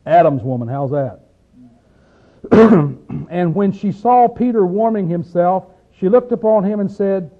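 A man with a Southern hillbilly accent preaches in a plain, folksy way, tossing out rhetorical questions and slowing down to read scripture. His voice sits a little high for a man. The recording is thin and tinny, like a phone line. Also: lively intonation. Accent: Southern American hillbilly. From Appalachian region, USA. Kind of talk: sermon.

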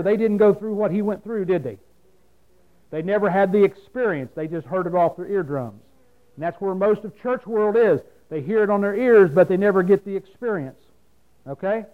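The audio is narrow and tinny, and the preacher's voice sits high. His sermon is homespun and plain-spoken, built around questions he asks the congregation and then answers on his own.

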